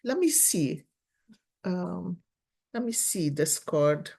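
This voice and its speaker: This is a woman in her sixties doing a casual card reading for her followers. She talks slowly in a somewhat low voice. Her storytelling is earnest and animated, full of false starts and repeated words. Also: vocal fry, husky. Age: 60s. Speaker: tarot card reader and life coach.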